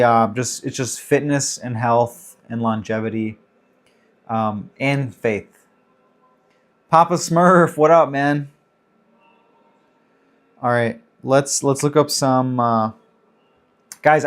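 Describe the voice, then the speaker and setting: A man's voice: mid-range voice, unhurried. A man in his thirties hosting a casual livestream Q&A, chatting loosely and greeting viewers by name as he reads the chat. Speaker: livestream host.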